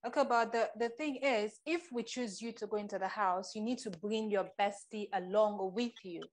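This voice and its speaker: A woman's voice: mid-range voice, normal speed. A woman interviewing a reality show applicant, asking friendly, probing questions. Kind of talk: audition interview.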